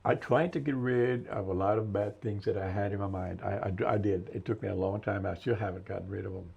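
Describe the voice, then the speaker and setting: A man in his seventies, an interview guest and military veteran, telling his story slowly and thoughtfully with many restarts in a gravelly voice. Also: fairly low pitch, steady tone. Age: 70s. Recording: dull lo-fi recording.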